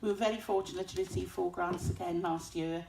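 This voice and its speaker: A woman's voice: lowish voice, steady tone, fairly quick, vocal fry. A woman thanking a fund on behalf of a school, hesitant and correcting herself. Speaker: school representative. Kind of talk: short speech at a community event. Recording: echoey hall from far off, faint noise.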